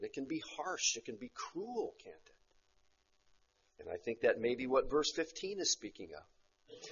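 A man preaching an expository sermon, slowing on key phrases and often tagging rhetorical questions onto his points. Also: fairly high pitch, breathy edge. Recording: muffled lo-fi recording.

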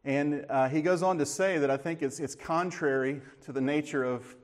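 Joking dad speaking in a big hall. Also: male voice, a little high, moderate pace. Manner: folksy, tells corny jokes with relaxed asides. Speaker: church speaker. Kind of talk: casual talk before a church audience. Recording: long reverb of a large hall.

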